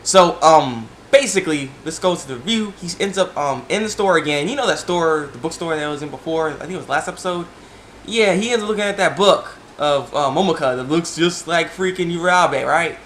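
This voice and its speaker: A young man casually reviewing an anime episode, excitable and chatty, with lots of fillers and sudden laughs. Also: a little high, brisk, a little hiss or hum.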